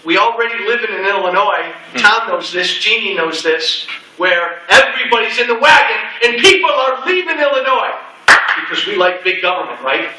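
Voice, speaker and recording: In an echoey meeting room, a middle-aged man with a high, animated voice gives a punchy campaign speech at normal speed, repeating slogans and dropping folksy remarks. The mic sits far off and the background is noisy.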